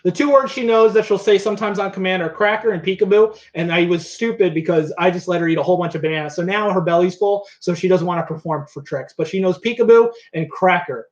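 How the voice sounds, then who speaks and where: Young male animal educator, high voice, casual and chatty, echoey home room, slightly muffled. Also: quick pace, hardly any pauses. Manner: chatty, coos at his pets. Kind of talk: live-streamed animal show.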